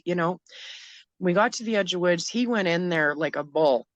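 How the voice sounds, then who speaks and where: A middle-aged woman recounting a frightening personal story as an interview guest, halting and emotional, often restarting her sentences. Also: sits low, fairly even intonation, dry recording.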